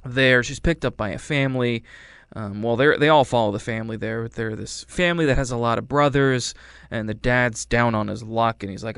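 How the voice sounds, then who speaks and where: Give me a man chatting loosely about a family film, wry and rambling, popping into silly voices for the characters. His voice is smooth and clear, recorded dry and close with no room sound. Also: mid-range voice, normal speed, fairly bright tone, no echo. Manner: rambling, wry, acts out quotes. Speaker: movie reviewer. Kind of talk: casual chat.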